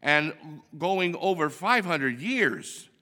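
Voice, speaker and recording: A man, a priest, giving the Mass readings and homily in a measured, deliberate delivery. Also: fairly high pitch, very animated, sharp tone. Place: church. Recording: long church reverb.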